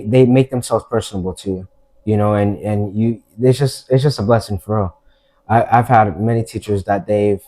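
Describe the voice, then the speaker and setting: A man's voice: on the low side, dark tone, low-quality recording. A young man co-hosting a casual podcast chat, laid-back, with frequent affirming murmurs.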